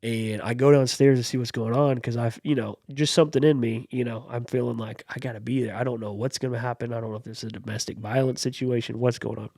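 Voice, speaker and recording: A podcast co-host sits close to his mic and rambles through a story in casual chat, full of fillers and restarts. His voice is medium-pitched and gravelly yet mellow, with fairly even intonation, a fast pace, hardly any pauses, and no echo.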